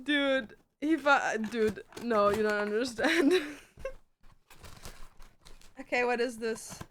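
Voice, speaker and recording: A young woman streamer chatting casually and excitably to her viewers, slangy and quick to laugh. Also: on the high side, a little hiss or hum.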